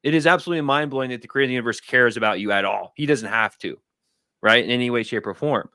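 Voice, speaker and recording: A man in his thirties, a guest on a livestream video call, telling stories in an animated, rambling way. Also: medium pitch, racing, clear, resonant tone, dry recording, studio quality. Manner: animated, rambling storytelling with acted-out quotes. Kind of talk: casual talk on a livestream.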